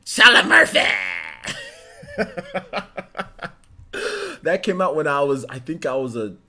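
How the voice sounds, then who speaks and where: A man in his thirties hosting a gaming show, chatting casually and animatedly and laughing often. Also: fairly high pitch. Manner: animated, laughs often, drawn-out filler words. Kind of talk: casual streamed chat.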